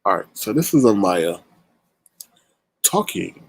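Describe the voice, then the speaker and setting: A man's voice: low voice, sing-song, slow. A man hosting a casual livestream commentary, chatty and greeting viewers by name as he talks. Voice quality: husky. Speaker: livestream host.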